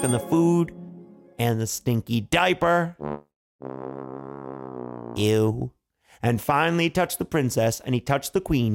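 A male storyteller telling a fairy tale to families with playful asides to kids. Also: fairly high pitch.

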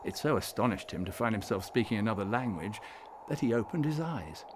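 A man reading a storybook aloud in scripted narration, measured and gently expressive. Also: lowish voice, background noise.

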